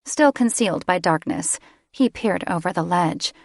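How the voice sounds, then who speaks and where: A woman audiobook narrator giving steady, scripted fantasy narration close to the microphone. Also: on the low side, normal speed, creaky, no echo. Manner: steady storytelling. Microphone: close studio microphone.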